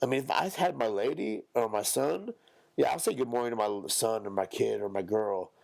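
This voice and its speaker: A young man, a podcast co-host, ranting bluntly and profanely in casual talk, now and then mocking others in a squeaky high voice. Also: brisk, gravelly, a little mellow.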